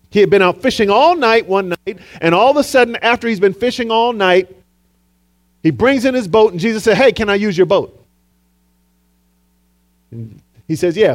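A man preaching a sermon as pastor, telling a story in a dramatic way and calling on the congregation for responses. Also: high voice. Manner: dramatic storytelling, acting out quotes.

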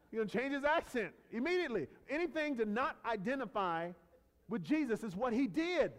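Male pastor, sermon delivery, animated pitch, builds to loud peaks and drops to quiet, chatty asides. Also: moderate pace, in a large hall. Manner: dynamic preaching, swinging from loud emphatic peaks to low quiet lines; conversational asides and storytelling with fillers and restarts.

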